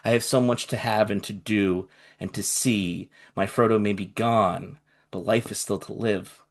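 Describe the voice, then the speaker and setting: An earnest young man with a low-set voice speaks from the heart in a live group chat. His words come slowly and turn soft and quiet as he trails off. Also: fairly even intonation, creaky. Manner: earnest, emotional, voice softening and trailing off. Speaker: community organizer of a fan group.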